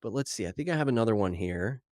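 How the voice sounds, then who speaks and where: A man's voice: lowish voice, fast, no room sound, clean studio sound. Worked-up, over-caffeinated male podcast host. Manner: animated and worked up, mocking quoted headlines. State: over-caffeinated, slightly out of breath. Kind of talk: solo podcast commentary.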